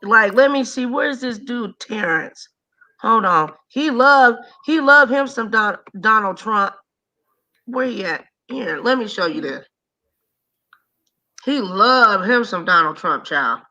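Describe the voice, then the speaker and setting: A woman hosting a casual video call chat, with a slow, drawling manner. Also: a little high, lively intonation, pushed and bright.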